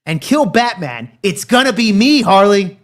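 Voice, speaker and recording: A man's voice: sits high, big pitch swings, a little slow, a bit bright, exaggerated voice. Cast a cruel cartoon supervillain, snapping and cursing, as a man quotes him. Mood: menacing. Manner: brief quoted impression, cursing.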